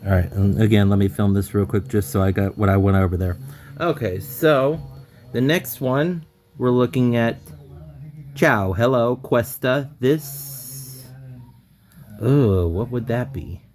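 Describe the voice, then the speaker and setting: A man as a language student on a video call, reading slowly, stumbling and correcting himself. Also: fairly low pitch, darkish tone. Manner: hesitant, self-correcting, laughs at his own slips. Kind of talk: casual online lesson talk.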